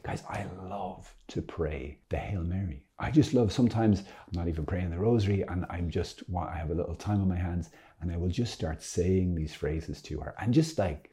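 A man's voice: low voice, dark tone. A man giving a casual Catholic teaching talk, chatty and playful, often laughing and correcting himself as he goes. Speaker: Catholic religious speaker.

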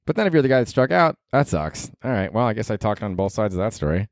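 A man talking through a casual solo podcast, wandering from story to story, dropping swear words and chuckling at himself. His voice sits fairly low, and the sound is dry and close, with no room around it. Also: big pitch swings, fast, hardly any pauses, no room sound. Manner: rambling, swears casually, laughs at own jokes. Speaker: podcast host.

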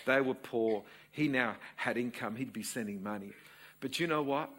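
A man in his sixties with an Australian accent, preaching a sermon and telling a family story to his congregation in an animated storytelling manner. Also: mid-range voice, normal speed, breathy edge. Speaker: pastor.

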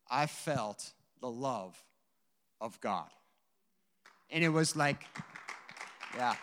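A man's voice: a little high, slow pace, long pauses, a bit bright, clear, resonant tone, in a large hall. A man giving an earnest, emotional personal testimony to a church audience, telling his story with many asides. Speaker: guest speaker giving a testimony.

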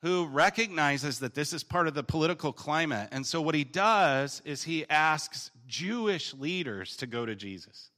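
A man teaching through a Bible passage in a casual, conversational way, paraphrasing the text in slangy voices and swinging between emphatic bursts and quiet reading. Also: fairly high pitch, animated, normal speed, hardly any pauses. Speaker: preacher teaching on the Gospel of Luke.

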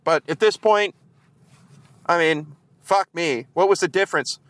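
A man's voice: fairly high pitch, a little slow, fairly bright tone, dry recording. A man giving a profane, grumbling post-game rant as a fan vlogger. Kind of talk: ranting post-game chat. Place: outdoors in the cold.

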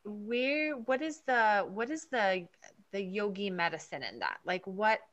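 An American woman hosting a podcast, asking questions in a halting, searching way. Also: mid-range voice, lively intonation, fairly bright tone, muffled recording. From United States. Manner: slow, halting, searching for words. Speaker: podcast host. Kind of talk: casual podcast chat.

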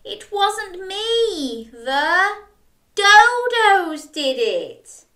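Excitable little boy, woman putting him on, high stretched-out pleading, roomy sound from a way off. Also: heavily acted. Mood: protesting. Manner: high, drawn-out, pleading delivery. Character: excitable little boy, eager and wide-eyed. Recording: roomy, from a distance.

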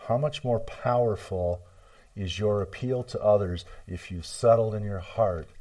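A man with a deep, mellow voice preaching a sermon. He swells to loud appeals and drops to quiet, repeated words for emphasis, and retells stories in plain conversational speech. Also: measured pace. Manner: varies loudness for emphasis, repeats key words; retells a story acting out voices in quotes. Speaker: pastor.

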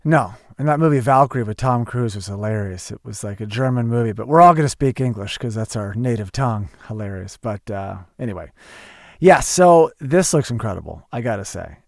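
A man's voice: mid-range voice, lively intonation, a little fast, gravelly, dry recording, studio quality. A man co-hosting a movie podcast, chatting with enthusiasm. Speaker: podcast co-host. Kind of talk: casual chat.

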